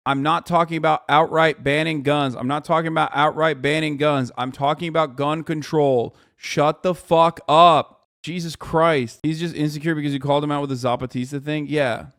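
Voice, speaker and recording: Streaming a reaction video, a man rants heatedly and profanely, talking over himself and restarting as he trips over his words. He is agitated and shouts at times. His voice is fairly high and a bit bright, with a steady tone, normal speed, and few pauses.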